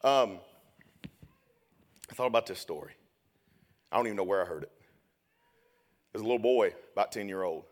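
A young man preaching a sermon, telling a story and then building to loud, shouted preaching. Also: lowish voice, moderate pace, long pauses.

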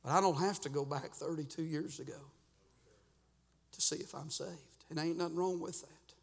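A middle-aged man preaching a revival sermon and altar call in a church, swinging from loud, fervent rhythmic urging to hushed near-whispers. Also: fairly high pitch, fairly even intonation, moderate pace, slightly rough. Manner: fervent, rhythmic preaching with sudden soft drops. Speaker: pastor. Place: church sanctuary.

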